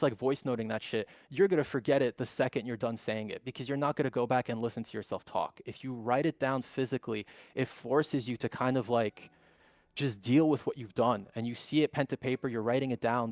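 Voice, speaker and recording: A man's voice: mid-range voice, a little mellow, dry recording. A man with a mid-range voice giving blunt, candid advice as a stream guest, cursing casually as he goes. His voice comes through dry, with little room sound. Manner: candid and blunt, swears freely. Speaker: guest trader. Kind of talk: casual chat on a live stream.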